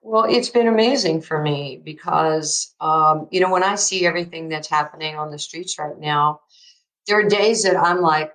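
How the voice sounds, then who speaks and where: Woman in her 60s, faint New York accent, lowish voice, anecdotal interview guest. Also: normal speed, poor audio. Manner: lively anecdotal storyteller with fillers. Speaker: guest, basketball coach. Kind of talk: storytelling in a podcast interview.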